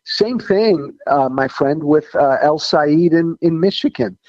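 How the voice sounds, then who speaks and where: A man's voice: a little high, expressive, a little slow, darkish tone, dry recording, dull audio. A man who once served in Congress, giving blunt, folksy political opinions in an interview. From Illinois. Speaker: former congressman guest.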